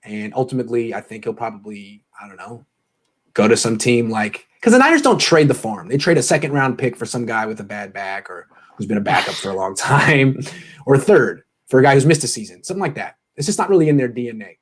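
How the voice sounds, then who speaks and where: A man's voice: mid-range voice, big pitch swings, fairly quick, slightly rough. A man hosting a casual sports podcast, rambling and restarting his thoughts. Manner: loose, rambling, restarts a lot. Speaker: host.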